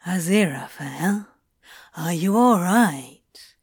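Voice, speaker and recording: A woman voicing a calm, teasing male demon with a rich, smooth voice and an unhurried, coaxing way of talking. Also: fairly low pitch, dry recording, clean studio sound, voice pushed down, heavily acted.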